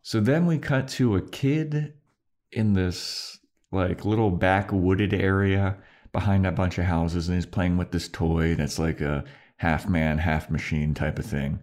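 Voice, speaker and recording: Low-voiced man recapping an episode. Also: steady tone, darkish tone. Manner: retells scenes with quick voiced impressions and swearing. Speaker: podcast co-host. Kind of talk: casual episode recap chat.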